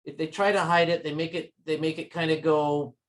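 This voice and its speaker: A man's voice: on the high side, little pitch movement, fairly quick. A man giving a live tech demonstration at a user group meeting, explaining step by step in a friendly, informal way.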